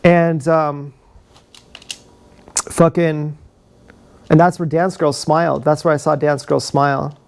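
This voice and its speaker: A man's voice: a little high, little pitch movement, takes it slowly, vocal fry, pauses often. A man talking in a meandering, confessional way on a livestream, laughing at his own stories. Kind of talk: rambling livestream monologue. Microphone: action camera.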